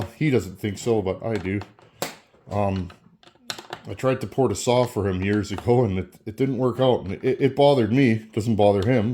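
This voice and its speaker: Warm and mid-range, this man's voice carries over slight background noise as he chats folksily to the camera about the saw he's working on. He's a Canadian who hosts a chainsaw channel and tends to repeat a word as he talks.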